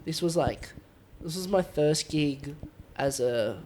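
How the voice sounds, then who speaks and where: A young man with a slightly raised voice tells stories as a podcast guest. He talks in an animated, loose way, laughing often and stringing thoughts together with plenty of fillers. It is relaxed, conversational comedian chat. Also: a little high, slow pace, slight background noise. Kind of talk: casual podcast storytelling.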